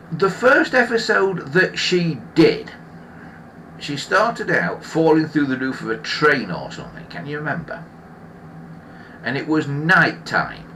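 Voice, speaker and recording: A man's voice: mid-range voice, bright, forceful tone, a little hiss or hum. A man hosting a live stream, ranting in an opinionated, grumbling way and often restarting his sentences. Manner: rambling with frequent restarts. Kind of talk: casual live-stream chat.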